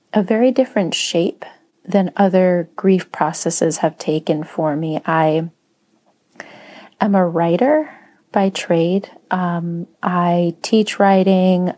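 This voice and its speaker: A woman who writes and teaches writing, speaking slowly in a soft, reflective personal monologue with frequent pauses. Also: fairly low pitch. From Spanish-speaking home. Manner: slow, soft-spoken, pausing often.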